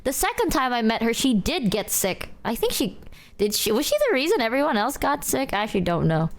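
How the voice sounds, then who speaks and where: A woman's voice: a little high, sing-song, fairly quick. A woman streamer talking casually to her chat, laughing often and stumbling over her words. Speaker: streamer reacting to clips.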